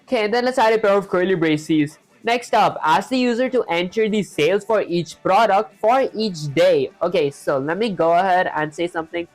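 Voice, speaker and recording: A woman with an accent, her voice set a little low, hosts a live coding stream and talks through each line of code as she types it. She explains things casually and stops now and then to greet viewers in the chat. Faint music plays in the background. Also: normal speed, few pauses, a little mellow. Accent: non-native English accent. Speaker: coding livestream host. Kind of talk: live coding tutorial, thinking aloud.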